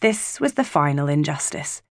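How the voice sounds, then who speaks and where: A woman narrating a novel as an audiobook reader, measured and even, close to the mic. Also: deep voice, dry recording. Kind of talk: scripted narration.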